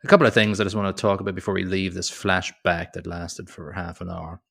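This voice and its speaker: A man's voice: low voice, flat delivery, a little fast, vocal fry, a bit bright. A man co-hosting a casual movie podcast, rambling through the plot and laughing as he goes. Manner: rambling, laughs often, quotes characters in mock voices. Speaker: podcast co-host. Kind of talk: casual movie review chat.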